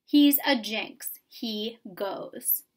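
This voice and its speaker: A woman's voice: fairly high pitch, drawn-out words, sharp tone, heavily acted. A woman voicing a stubborn, scolding mother in a storybook reading, firm and final. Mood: stern. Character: stern, stubborn mother who runs a newsstand.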